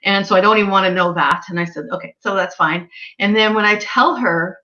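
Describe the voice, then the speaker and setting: A woman's voice: mid-range voice, a little fast, bright, forceful tone, dull audio. A woman working as an animal communicator, chatting casually and acting out the voices of the people in her stories. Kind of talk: casual chat.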